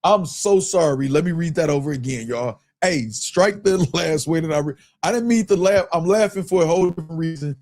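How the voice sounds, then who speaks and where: A man's voice: on the high side, a little fast, few pauses. A man hosting a live stream, reading viewer super chats aloud in loose, slangy casual talk. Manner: loose, slangy, keeps breaking into laughter; reads viewer comments aloud in a relaxed drawl.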